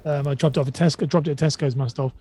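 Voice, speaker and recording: A man's voice: on the high side, fairly even intonation, very fast, dark tone, breathy edge. A man on a podcast who chats casually, rambling and retelling quotes with many restarts. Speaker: podcast guest. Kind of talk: casual conversation.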